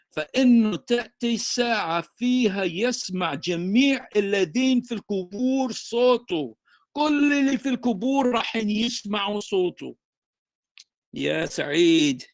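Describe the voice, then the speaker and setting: Fast, high-voiced man preaching in a dry room. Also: dry recording. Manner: switches between English and Arabic, emphatic and repetitive. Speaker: Christian broadcaster answering commenters. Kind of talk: direct-to-camera preaching address.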